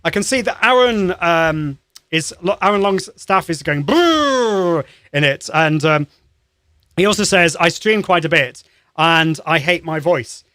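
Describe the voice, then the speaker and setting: Host type: upbeat male voice coach, slightly higher pitch, dry close sound. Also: measured pace, bright, forceful tone, no room sound. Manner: upbeat and encouraging, demonstrates sounds; conversational with frequent restarts. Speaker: live-stream show host, voice coach. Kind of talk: live-streamed voice warm-up lesson.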